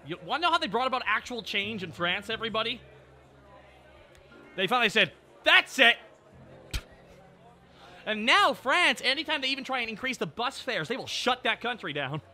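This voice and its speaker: A man's voice: very high voice, fast, few pauses. A man chatting with his viewers on a live stream, joking and riffing on their comments. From Canada. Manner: animated, joking, riffs with chat. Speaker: VTuber streamer. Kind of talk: casual live-stream chat. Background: music.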